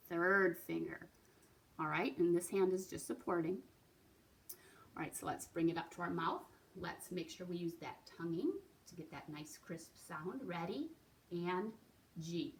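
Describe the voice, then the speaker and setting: Slow, patient woman teaching recorder. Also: lowish voice. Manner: patient, encouraging, checks in with "right?" and "okay?". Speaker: music teacher. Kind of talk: beginner recorder lesson.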